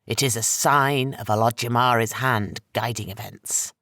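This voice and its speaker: A man voicing an ancient, menacing sorcerer with slow, heavy, rasping speech for an audiobook. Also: mid-range voice, sharp tone, no room sound, studio quality.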